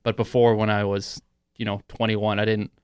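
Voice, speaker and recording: Smooth-voiced man swearing freely. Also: fairly low pitch, little pitch movement, moderate pace, darkish tone, no echo, studio quality. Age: 30s. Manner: laid-back, swears freely, gets fired up. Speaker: podcast co-host. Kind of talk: casual podcast banter.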